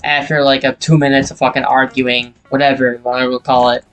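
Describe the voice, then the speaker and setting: A man's voice: medium pitch, little pitch movement, fairly quick, fairly bright tone, smooth, faint music behind. A young man hosting a gaming channel, casually telling a heated, profane, rambling story over gameplay.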